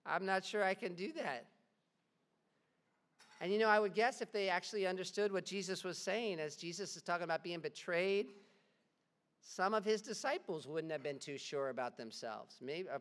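Male preacher, earnest storyteller with casual phrasing, slightly high voice. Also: animated, fairly quick, long reverb tail. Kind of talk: sermon.

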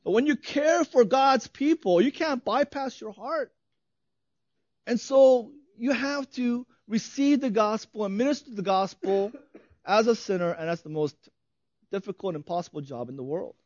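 High-voiced man preaching conversationally. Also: normal speed, a little mellow, dry recording, highs cut off. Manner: conversational preaching with frequent "right?" asides and light laughs. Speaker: pastor. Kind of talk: sermon.

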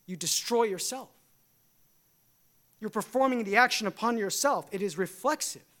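Male pastor, high voice, emphatic sermon delivery in a church. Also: normal speed, pushed and bright. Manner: emphatic preaching, rising and falling.

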